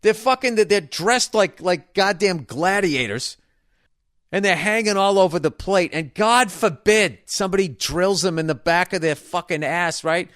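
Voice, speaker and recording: A man's voice: high-pitched, normal speed, a bit bright, no room sound, clean studio sound. A middle-aged man, ranting casually and profanely, often stumbling and restarting his sentences. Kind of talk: casual rant about baseball.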